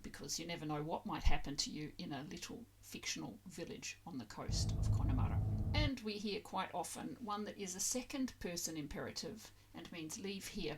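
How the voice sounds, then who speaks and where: A woman's voice: lowish voice, a little hiss or hum. A woman explaining grammar to learners in a patient, methodical way, spelling words out letter by letter. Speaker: language-learning video creator.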